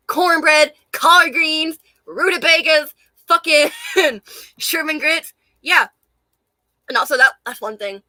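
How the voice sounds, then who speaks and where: A woman's voice: high-pitched, slow pace, long pauses, sharp tone, dry recording. A young woman from Charleston with a light Southern accent, ranting casually to camera with lots of laughter and swearing, hot and a little out of breath. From Charleston, South Carolina. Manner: profane, laughing often, rambling and emphatic. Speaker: vlogger.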